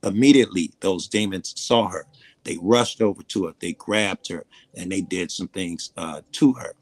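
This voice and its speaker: A man's voice: low voice, moderate pace, dry recording. A man telling a personal story in casual conversation, blunt and profane, rambling as he goes. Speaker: panel guest.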